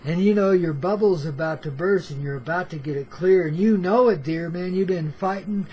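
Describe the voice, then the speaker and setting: A man's voice: sits high, normal speed, hardly any pauses, darkish tone, rough recording. An older man telling a rambling story as a radio storyteller, in laid-back hippie slang, calling his listeners baby and man. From Oregon. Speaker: storyteller host. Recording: faint background noise.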